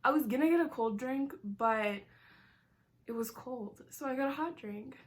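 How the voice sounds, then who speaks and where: A woman in her twenties chats through a casual mukbang vlog, eating as she talks. Her voice sits a touch high, and she rambles freely with lots of "like" and giggly asides, close to the camera mic. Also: moderate pace. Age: 20s. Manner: chatty, says "like" a lot, giggly asides. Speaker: vlogger.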